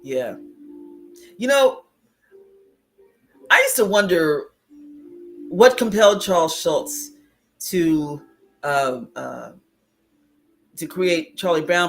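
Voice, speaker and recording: Reflective woman spiritual teacher. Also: low-pitched. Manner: reflective, laughs often, acts out inner voices. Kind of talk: livestream teaching, reading viewer comments.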